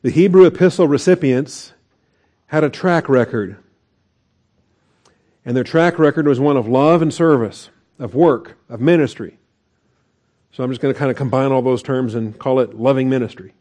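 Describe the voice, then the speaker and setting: A man's voice: medium pitch, normal speed, pauses often, mellow. A man preaching a conversational sermon as pastor, with asides and chuckles.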